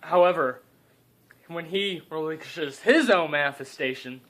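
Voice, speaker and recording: A man's voice: fairly high pitch, moderate pace, fairly bright tone. A young man improvising a comedic story, rambling and cutting in with joking asides.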